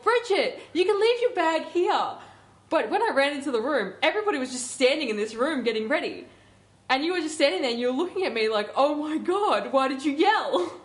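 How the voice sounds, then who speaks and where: Young female radio co-host, high-ish voice, giggly storyteller, casual chat.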